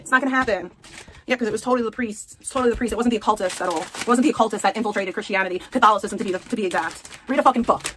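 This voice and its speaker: A high-pitched woman rants on a livestream, swearing and circling back to the same points. She speaks in a quick, relentless stream with no pause. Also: fairly bright tone, a little hiss or hum. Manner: ranting, profane, repeats herself. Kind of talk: angry livestream rant.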